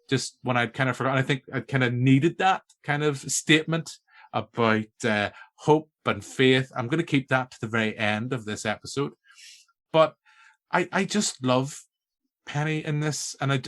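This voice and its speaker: A man with a Northern Irish accent hosts a casual film-review podcast in a mid-range, fairly bright voice. He talks enthusiastically and rambles, restarting himself many times.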